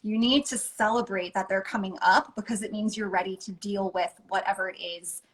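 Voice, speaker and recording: A woman, a life coach, talking as a guest in a casual interview, earnest and enthusiastic and quick to laugh. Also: medium pitch, fairly even intonation, fairly bright tone, rough recording.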